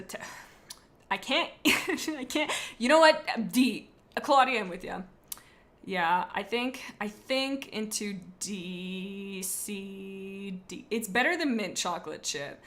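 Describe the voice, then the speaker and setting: Bright, bubbly young woman streamer. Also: mid-range voice. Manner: bubbly, rambling, talks to chat. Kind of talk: casual live-stream chat.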